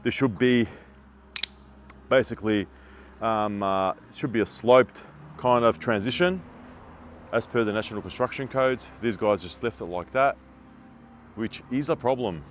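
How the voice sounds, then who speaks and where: A building inspector walks through a construction site for a vlog, pointing out defects in a blunt, exasperated, chatty way and laughing at the shoddy work. He has a lowish voice, speaks unhurriedly with long pauses, and there's a little hiss or hum in the recording.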